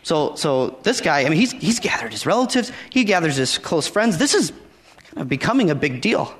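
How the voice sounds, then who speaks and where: A man's voice: fairly high pitch, very animated, moderate pace, fairly bright tone. A man preaching a conversational sermon, reading scripture aloud and acting out the dialogue in his own words. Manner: conversational, acts out the dialogue with repeated phrases. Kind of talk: sermon, Bible teaching.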